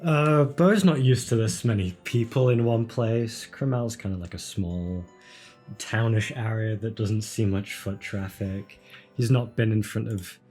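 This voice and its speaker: A man's voice: on the low side, a little mellow. A man playing in a tabletop game, thoughtful and a little hesitant. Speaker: player. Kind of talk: casual tabletop play.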